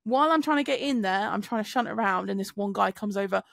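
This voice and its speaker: A woman on a podcast, telling an animated story with swearing. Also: mid-range voice, quick pace, vocal fry. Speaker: podcast co-host. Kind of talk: casual chat.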